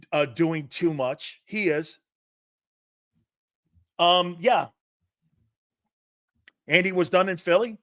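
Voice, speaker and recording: A man hosting a sports talk show, blunt and combative, swearing freely and mocking soft opinions while he answers chat comments. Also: fairly high pitch, no room sound, studio quality.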